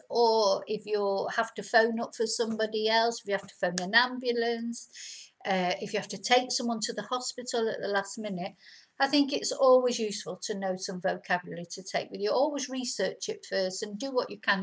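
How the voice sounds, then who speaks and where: Patient woman teaching vocabulary. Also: medium pitch. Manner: patient, explains each word in two languages. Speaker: language teacher. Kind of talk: vocabulary lesson to camera.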